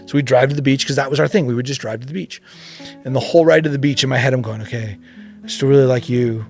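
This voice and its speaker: A man around fifty, a podcast guest, telling a story in casual chat, animated, acting out voices and laughing often. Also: medium pitch, racing, gravelly, soft background music.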